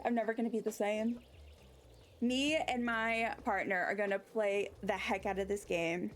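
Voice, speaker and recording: Casual woman game streamer, mid-pitched, rambling, sidetracked, talks to chat. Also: fairly even intonation, normal speed, a little hiss or hum. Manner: rambling, easily sidetracked chatter; reads chat aloud and answers it.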